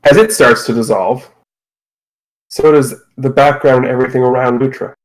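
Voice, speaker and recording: A man narrating as game master of a tabletop game, relaxed and with many fillers. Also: medium pitch, moderate pace, rough recording.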